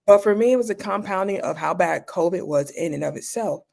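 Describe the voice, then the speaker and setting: A woman's voice: fairly low pitch, fairly quick, vocal fry, a little mellow. A woman in her fifties, a doctor guest telling frank stories in an interview, with a conversational, dryly humorous manner. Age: 50s. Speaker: guest, emergency doctor and speaker. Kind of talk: candid interview storytelling.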